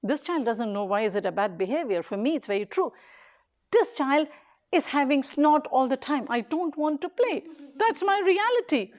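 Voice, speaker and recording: A daycare leader, a woman with a high voice, gives an earnest public talk at a moderate pace. She is expressive, speaking in short, emphatic phrases and repeating key points as she builds her case.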